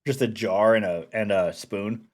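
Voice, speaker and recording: A man co-hosting a live stream, chatting in a relaxed, rambling, joking way. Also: on the low side, unhurried. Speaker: stream co-host. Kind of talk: casual chat.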